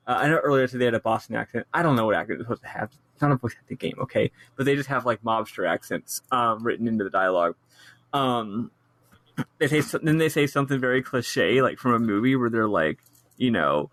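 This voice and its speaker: A man co-hosting a casual game podcast, lively and swearing freely as he talks through his notes. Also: mid-range voice, fast talker, dry recording. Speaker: podcast co-host. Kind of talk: casual chat.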